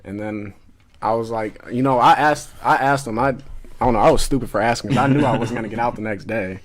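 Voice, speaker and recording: A man's voice: mid-range voice, fast. A young man, a podcast guest telling stories in laid-back casual chat. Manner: laid-back storytelling, frequent swearing.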